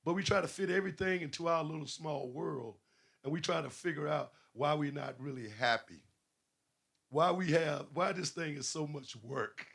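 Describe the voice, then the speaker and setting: Gravelly-voiced man preaching. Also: on the high side, moderate pace, fairly bright tone. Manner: preaching with rhetorical questions and rising emphasis. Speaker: pastor. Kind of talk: sermon.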